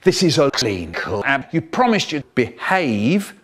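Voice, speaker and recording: A man's voice: medium pitch, big pitch swings, slow pace, a bit bright. A man performing comic poems and stories, theatrical and full of playful put-on voices. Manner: theatrical, with playful mock voices and exaggerated timing. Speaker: children's poet and storyteller.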